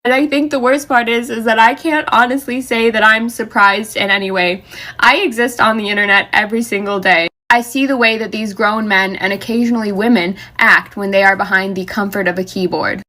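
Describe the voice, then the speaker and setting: A woman's voice: medium pitch, steady tone, a little fast, bright, forceful tone. A woman in a social media video, speaking earnestly and with passion about the election. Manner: earnest, impassioned.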